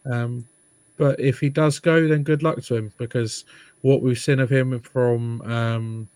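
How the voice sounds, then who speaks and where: A man co-hosting a sports podcast, talking in a measured way with frequent ums. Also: medium pitch, steady tone, darkish tone, no echo. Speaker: podcast co-host. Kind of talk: casual sports chat.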